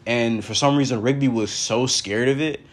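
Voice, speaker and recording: A man's voice: mid-range voice, normal speed. Rambling young man chatting casually. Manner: rambling, many fillers like "like" and "for real". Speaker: podcast host. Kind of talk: casual solo chat. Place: his brother's house.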